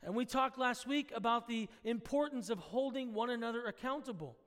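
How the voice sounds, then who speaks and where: A male pastor preaching an earnest sermon, swinging between loud and hushed and acting out the voices he quotes. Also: very high voice, brisk. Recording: long reverb of a large hall.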